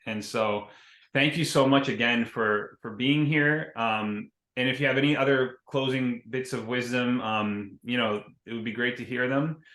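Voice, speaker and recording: A man hosting an interview, effusively praising his guest with halting restarts. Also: medium pitch, steady tone, a bit bright. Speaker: interview host. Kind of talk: conversational interview. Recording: roomy echo.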